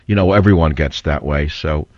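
A man's voice: very deep voice, moderate pace, darkish tone, no echo. An older man hosting a talk radio show, blunt and combative, rambling through stories and opinions. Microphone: studio mic. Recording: dull, slightly lo-fi radio audio.

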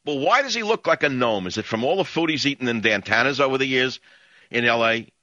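A male talk-radio host riffing from a studio mic, opinionated and wandering from topic to topic with a sardonic edge. His voice is bright and his pitch swings widely as he talks. The studio sound is close and dry. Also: expressive, quick pace, no room sound, muffled recording. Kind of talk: talk radio monologue and call-in. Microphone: studio microphone.

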